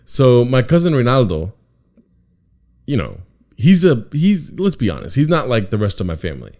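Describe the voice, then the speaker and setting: A man's voice: medium pitch, moderate pace. A man co-hosting a podcast in casual chat, telling stories with acted-out quotes and frequent laughter. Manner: animated storyteller, acts out quotes, laughs often. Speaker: podcast co-host.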